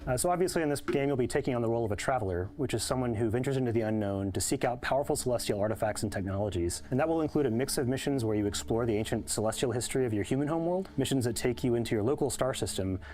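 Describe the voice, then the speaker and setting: A man's voice: medium pitch, expressive, rapid-fire, hardly any pauses, dark tone. A man, a game developer, explaining his game's story and structure in a prepared promotional interview. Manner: clear, explanatory, well-prepared.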